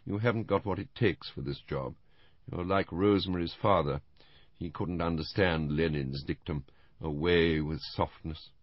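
A man reading an audiobook, voicing a calm, defiant, unemotional older blind woman who runs a spy ring. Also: deep voice, moderate pace, no echo, muffled recording. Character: cold, composed blind older woman spymaster. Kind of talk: audiobook character voice.

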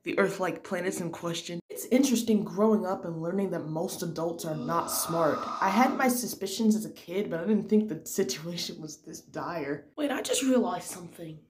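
A woman's voice: lowish voice, normal speed, hardly any pauses, slight background noise. Young woman in a put-on American accent reading memes with jokey, half-whispered asides. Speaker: channel host.

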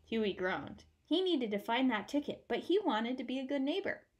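A woman reading a children's picture book aloud with warm, expressive storytelling. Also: high voice, normal speed. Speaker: storybook reader.

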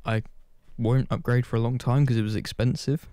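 A man's voice: medium pitch, steady tone, moderate pace, mellow, no room sound. A man chatting casually to his channel's viewers, rambling and self-deprecating, swearing offhand. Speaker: gaming channel host. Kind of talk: casual chat to camera.

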